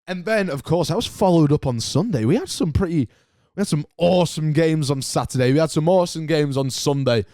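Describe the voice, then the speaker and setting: A young man hosts a solo podcast, animated and ranting, with plenty of casual banter. His voice sits a little high and moves briskly. The studio recording is clean and dry.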